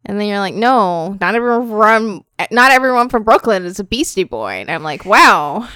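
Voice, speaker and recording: A woman co-hosting a casual podcast, animated and giggly, telling stories with lots of fillers. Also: medium pitch, a little fast, clear, resonant tone, dry recording, clean studio sound. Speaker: podcast co-host.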